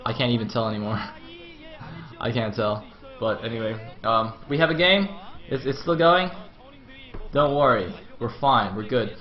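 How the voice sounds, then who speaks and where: A man giving live play-by-play commentary on a strategy game match, excitable and jumping up in pitch whenever the action heats up. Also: a little slow, pauses often, soft background music. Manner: excitable, voice jumps high at action. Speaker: esports commentator. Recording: dull lo-fi stream audio.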